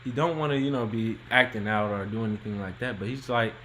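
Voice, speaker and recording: A man's voice: on the low side, fast, bright, forceful tone, a little hiss or hum, rough recording. A man co-hosting a podcast, laid-back and colloquial, reading out and discussing relationship questions. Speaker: podcast co-host. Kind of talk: casual relationship advice chat.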